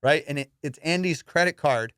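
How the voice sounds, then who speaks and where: Profane, animated man telling party stories. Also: a little high, normal speed, clear, resonant tone, dry recording, clean studio sound. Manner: profane, animated storyteller who acts out friends' lines. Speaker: podcast host. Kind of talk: casual storytelling chat.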